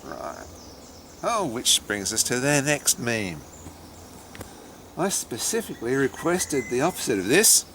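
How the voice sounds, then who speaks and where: A middle-aged Australian man talks in a chatty, dry way as he hosts his own vlog. His voice rises and falls a lot, with a lively, animated delivery. Faint noise sits low behind him. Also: a little slow, long pauses. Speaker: snake handler and educator. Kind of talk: casual vlog commentary.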